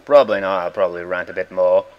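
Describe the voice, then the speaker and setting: A man's voice: low voice, fairly even intonation, quick pace, lo-fi sound. A young man ranting in a rambling, exasperated way, swearing often while commenting on a game. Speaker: gaming video host. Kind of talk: casual rant over gameplay.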